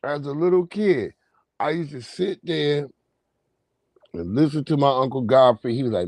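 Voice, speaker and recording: A livestream host with a medium-pitched, darkish voice and lively intonation tells rambling, profane stories in a casual monologue. He draws his tales out, and the recording is dry.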